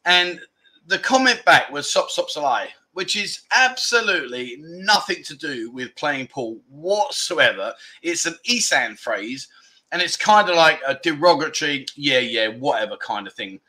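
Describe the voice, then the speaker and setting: Male livestream host, bright and slightly high voice, loose chatty banter with frequent laughter. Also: very animated, unhurried. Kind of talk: casual livestream chat.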